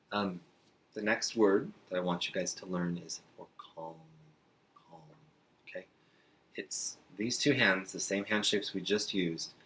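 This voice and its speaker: A man teaching beginner sign language to parents in a friendly, chatty way, slowing down while he demonstrates signs. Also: lowish voice. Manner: relaxed, chatty, with frequent fillers and slow demonstrating passages. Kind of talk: friendly instructional talk to parents.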